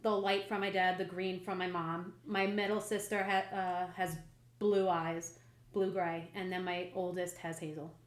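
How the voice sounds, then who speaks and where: A woman's voice: lowish voice, level tone, a little slow. A young adult woman telling stories in a brash, profane, casual way as a guest in a chat. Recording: echoey room.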